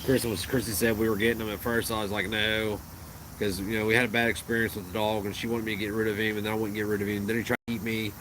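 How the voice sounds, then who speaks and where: A man's voice: on the low side, flat delivery, fast talker, a bit bright, slight background noise, rough recording. A man chatting casually on a livestream at home, rambling and joking crudely about his dogs. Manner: rambling, crude and joking, baby talk to the dog. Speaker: livestream host.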